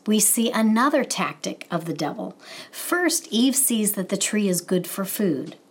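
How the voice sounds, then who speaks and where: A woman teaching a Bible lesson in a measured, explanatory way, carefully spelling out Hebrew terms. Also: on the low side, breathy edge.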